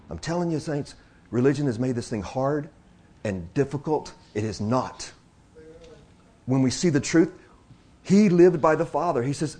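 This man preaches to his congregation in a fairly high voice, sinking into hushed, slow passages before building to loud, excited exclamations. He repeats phrases for emphasis.

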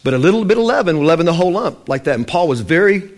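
A man delivering a sermon in a casual storytelling style, his voice sitting a little high. He acts out the lines of the figures in his stories, then drops back into plain, rambling explanation full of restarts and fillers. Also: very fast. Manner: animated storytelling, acting out voices of Bible figures; loose and conversational, with restarts and fillers. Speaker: preacher.

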